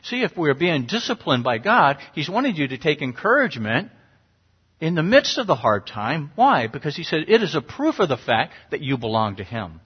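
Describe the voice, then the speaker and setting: A middle-aged pastor preaches at normal speed in a fairly high voice with a breathy edge and big pitch swings. He's earnest and conversational, sometimes rising sharply to stress a point, and the recording is dull and lo-fi.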